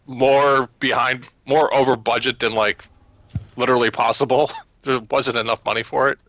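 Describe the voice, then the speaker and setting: A man's voice: medium pitch, little pitch movement, normal speed, a bit bright, lo-fi sound. A man co-hosting a podcast, bantering loosely with a laugh and many "like"s. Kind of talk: casual chat.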